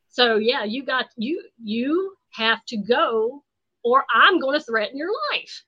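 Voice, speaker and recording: A woman guest telling stories in a blunt, animated, profane way in casual chat. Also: a little high, slow, husky. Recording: dull lo-fi sound.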